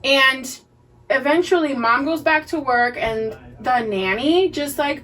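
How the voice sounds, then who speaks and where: A high-voiced woman with a Boston accent chats casually as a podcast co-host, recapping a show with plenty of profanity and acted-out lines. She sits well back from a poor-quality mic, so she sounds distant. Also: a little slow. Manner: profane, animated, acts out characters' lines. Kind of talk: casual chat recapping a TV series.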